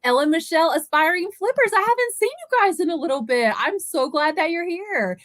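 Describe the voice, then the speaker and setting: A woman's voice: very high voice, expressive, a little fast, fairly bright tone, no room sound. A woman hosting a casual livestream chat, greeting viewers by name in a chatty way. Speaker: livestream host.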